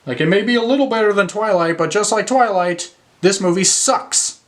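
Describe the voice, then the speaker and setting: A man's voice: high voice, normal speed. A young man reviewing films in a casual rant, exasperated, swearing and using lots of fillers. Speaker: movie reviewer.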